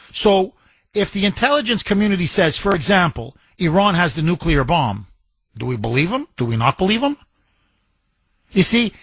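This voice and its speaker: A man's voice: high-pitched, a bit bright, slightly rough, dry recording. A man hosting a talk radio show, speaking emphatically and repeating himself for effect while taking calls. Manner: emphatic, repetitive, combative.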